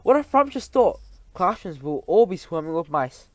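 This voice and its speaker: A man reading aloud voices a cruel, gloating old female witch leader who shouts and chants. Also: high-pitched, sing-song, moderate pace, dry recording.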